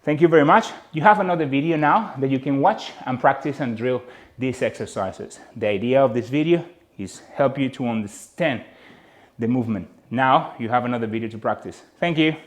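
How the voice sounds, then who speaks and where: A man's voice: medium pitch, fairly quick. A man teaching a dance lesson with a Latin American Spanish accent, counting steps aloud and repeating cues. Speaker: dance instructor.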